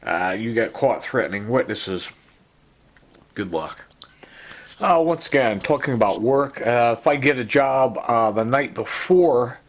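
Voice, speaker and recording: A man in an urgent, rambling monologue, accusing people and stacking fillers and asides as he talks. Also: mid-range voice. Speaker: self-recorded complainant. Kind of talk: agitated monologue.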